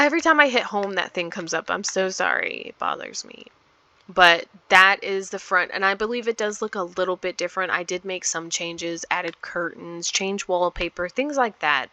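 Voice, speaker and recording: In a dry recording, a woman with a lowish, gravelly, sharp voice talks casually through her life-sim gameplay. This vlogger is chatty and wanders a lot, filling gaps with um after um.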